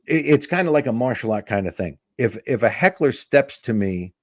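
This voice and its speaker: Animated man telling a stage story. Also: mid-range voice, brisk, no echo, studio quality. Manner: animated anecdote teller, acts out quotes. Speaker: comedian guest. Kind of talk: podcast storytelling.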